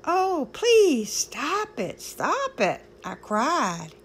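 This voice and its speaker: A woman's voice: medium pitch, big pitch swings, drawn-out words, a bit bright, a little hiss or hum, exaggerated voice. A woman reading a poem aloud and voicing a talking teacup that cries out in distress as its master shapes it. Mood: pleading. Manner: pleading, crying out in distress.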